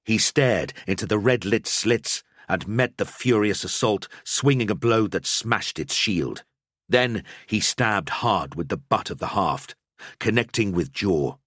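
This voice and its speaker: A man's voice: lowish voice, animated, a little slow, a bit bright, no echo, clean studio sound. A man narrating an audiobook, telling a battle scene in a dramatic storytelling style. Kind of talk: scripted narration.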